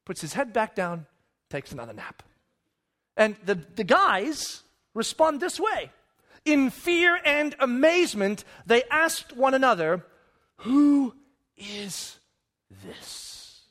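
A man preaching a sermon in a conversational way, acting out the story with sudden loud and hushed moments and often asking "right?". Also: very high voice, unhurried. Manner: animated storytelling, acts out disciples and Jesus with sudden loud and hushed voices; conversational, keeps checking with "right?". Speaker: pastor.

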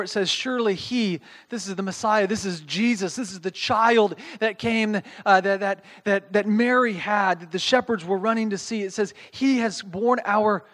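A man with a notably high speaking voice delivers a casual, animated sermon. He reads scripture, then breaks it down in everyday language and often pauses to ask his listeners "okay?". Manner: reads scripture aloud, then explains it plainly. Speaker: pastor. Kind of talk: conversational sermon.

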